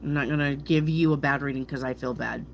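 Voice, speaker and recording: A middle-aged woman who reads tarot chats casually and ramblingly to her viewers in an extremely low, creaky voice, talking quickly with fairly even intonation. She playfully trips over hard words and laughs at herself.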